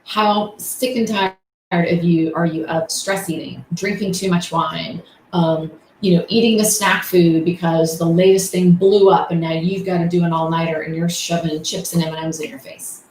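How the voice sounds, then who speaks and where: A woman's voice: on the low side, steady tone, normal speed, a little mellow. A middle-aged woman coach talking candidly and casually, full of fillers and rhetorical questions. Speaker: coach and host. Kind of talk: casual motivational talk. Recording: echoey room, faint noise.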